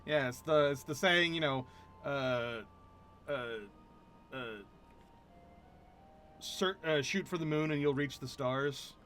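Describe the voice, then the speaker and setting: A man's voice: on the high side, takes it slowly, pauses often, fairly bright tone, faint music behind. A man streaming a game and chatting casually as he plays, rambling and amused with himself. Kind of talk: casual gameplay commentary.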